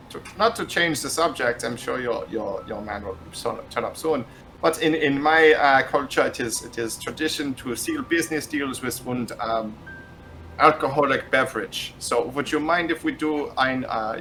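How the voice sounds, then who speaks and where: A man voicing a German noble merchant in a put-on German accent, formal and halting, slipping in German words. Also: medium pitch, pushed and bright, poor audio.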